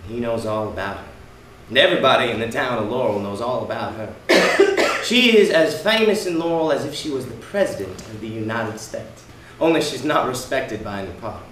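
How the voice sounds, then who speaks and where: An actor playing a brash, mocking working-class husband who taunts and bullies, in an amateur stage play. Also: male voice, mid-range voice, animated, a little fast, noisy background, lightly acted. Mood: sneering. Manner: sneering, taunting, forceful. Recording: echoey room, distant mic.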